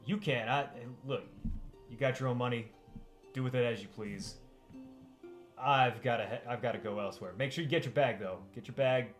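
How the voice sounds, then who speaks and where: A man voicing a quiet, hesitant farmer father who stammers and keeps it short. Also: medium pitch, normal speed, faint music behind, lightly acted.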